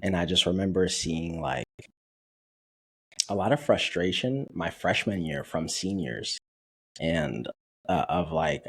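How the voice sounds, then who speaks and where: A man in his twenties from Dallas, Texas, a podcast guest telling his story in a casual, animated way, acting out quoted dialogue and laughing often. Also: low voice, unhurried, vocal fry, breathy edge.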